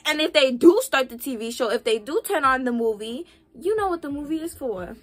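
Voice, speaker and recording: Sassy high-voiced young woman vlogger. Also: a little fast. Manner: sassy, animated, talks straight to the viewer. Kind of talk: casual relationship-advice vlog.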